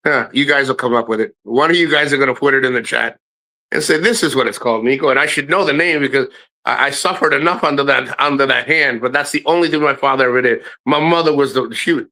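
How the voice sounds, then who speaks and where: A middle-aged man hosting a live stream, telling profane family stories to his chat in a casual, animated way, his voice jumping high when he quotes people. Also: brisk, low-quality recording. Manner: animated, swearing, voice jumps high for quoted lines.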